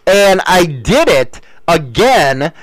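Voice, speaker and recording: A man's voice: on the high side, sing-song, takes it slowly, dry recording. A man telling rambling, profane stories in casual chat, often laughing at his own jokes. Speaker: storyteller answering a question. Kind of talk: casual crude storytelling.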